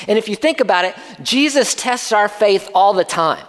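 A man's voice: high-pitched, expressive, normal speed, a bit bright. A man preaching a sermon as pastor, talking conversationally and putting questions to the congregation. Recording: long reverb of a large hall.

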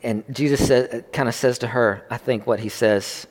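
Chatty preacher with a ringing hall. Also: male voice, mid-range voice, steady tone, normal speed. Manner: conversational, restarts, swells with emphasis. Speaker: pastor. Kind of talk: sermon. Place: church service. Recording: long hall reverb.

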